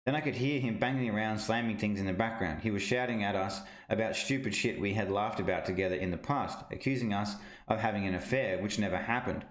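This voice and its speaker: A man reading a first-person witness statement aloud in a steady, measured way. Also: on the low side, roomy sound.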